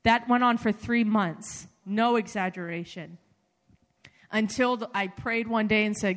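A woman giving a sermon, telling personal stories in an animated, conversational way with many fillers. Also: mid-range voice, measured pace. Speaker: preacher. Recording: reverberant hall.

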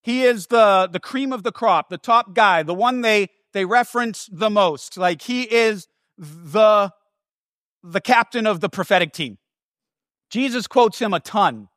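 High-pitched, emphatic male preacher. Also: a little slow, no echo, studio quality. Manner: animated, emphatic, repeats words for stress; casual asides and restarts. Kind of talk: sermon.

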